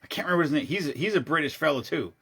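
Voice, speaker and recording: A man's voice: fairly high pitch, lively intonation, very fast, fairly bright tone, husky, soft background music. A man chatting casually and telling a story, rambling and restarting his sentences often, with blunt, profane asides. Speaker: show regular. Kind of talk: casual chat.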